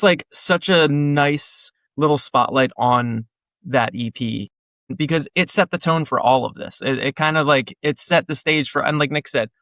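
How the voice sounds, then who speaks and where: A man's voice: fairly high pitch, fairly bright tone, no room sound. A man in his thirties from New Jersey, a guest musician chatting casually in an interview, rambling with lots of "like" and acting out quotes. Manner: rambling, heavy "like" fillers, acts out quotes.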